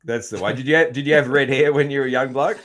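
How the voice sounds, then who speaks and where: A man's voice: mid-range voice, fairly even intonation, fast, fairly bright tone. An Australian man hosting a casual podcast chat, laid-back, with many fillers and restarts. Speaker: podcast host.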